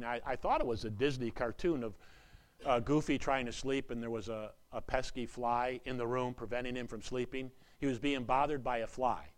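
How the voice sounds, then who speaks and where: A pastor with a medium-pitched voice preaches a sermon earnestly and repetitively. He alternates between loud, urgent lines and hushed asides.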